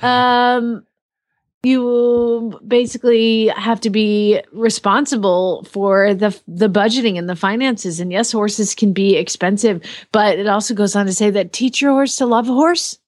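A woman in her thirties, co-hosting a casual chat and telling stories with animated delivery, jumping into high voices when she quotes someone. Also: measured pace. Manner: animated storyteller, acts out quotes with high shrieks. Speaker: podcast co-host.

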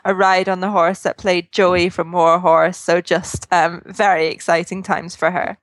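A woman's voice: lowish voice, little pitch movement, unhurried, no echo. Chatty Scottish woman, dry close mic. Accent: Scottish, East Coast. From Scotland, East Coast. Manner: chatty, laughs often, many fillers. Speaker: guest, equestrian magazine journalist. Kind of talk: casual podcast chat.

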